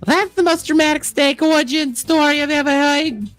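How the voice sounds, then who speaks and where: A woman's voice: sits high, normal speed, soft background music. A woman guest on a podcast, reading a character's lines playfully. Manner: playful, laughing. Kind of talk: casual reading of a story character.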